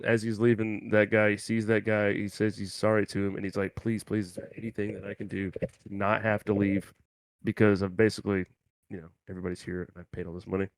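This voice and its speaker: A low-pitched man in casual podcast chat, spinning a crude, rambling anecdote in slangy asides. The sound is dry and close, with no room around it. He drifts quieter and lower as the story runs on. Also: dry recording. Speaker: podcast co-host.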